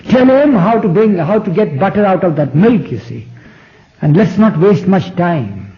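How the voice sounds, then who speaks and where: Clever calm minister, as a man puts him on. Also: high voice, moderate pace, pitched above the performer's own voice. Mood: explaining. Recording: dull 1970s tape recording.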